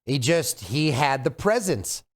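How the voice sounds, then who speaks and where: A man co-hosting a casual podcast, chatty and quick to agree and laugh. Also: mid-range voice, very animated. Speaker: podcast co-host. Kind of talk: casual chat.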